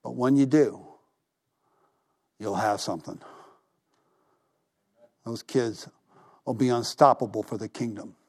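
A male pastor preaching a sermon, telling stories animatedly, acting out the voices he quotes and dropping to a hush for emphasis. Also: mid-range voice, slow pace, long pauses. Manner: drops to a hushed voice for emphasis.

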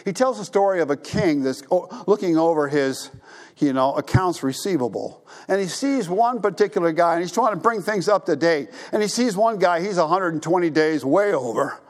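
A man with a fairly high voice delivers a sermon as pastor. He tells the story with animated emphasis, swinging his delivery and slipping into the voices of the people in it. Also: normal speed. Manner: animated, acts out characters' voices.

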